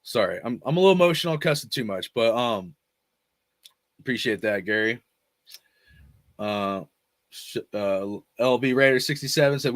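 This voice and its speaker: A man's voice: medium pitch, animated, moderate pace, fairly bright tone, no room sound, studio quality. A man hosting a fan channel, ranting about football and reading out chat comments in a blunt, cussing, rambling way. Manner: profane, emphatic, rambling.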